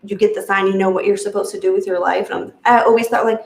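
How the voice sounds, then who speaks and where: Heartfelt rambling woman, gravelly voice. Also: medium pitch, steady tone, fast talker, reverberant, low-quality recording. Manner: rambling, heartfelt, many fillers. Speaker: retreat guest sharing her experience. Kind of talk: emotional personal testimony.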